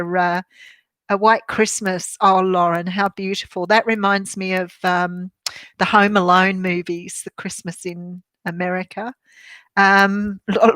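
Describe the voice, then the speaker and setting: A woman's voice: medium pitch, a bit bright, dry recording. Older aussie lady chatting on a live stream, bubbly, lots of laughs and ums, dry close sound. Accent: Australian. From Australia. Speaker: tarot reader hosting a live stream. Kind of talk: casual live-stream chat reading viewer comments.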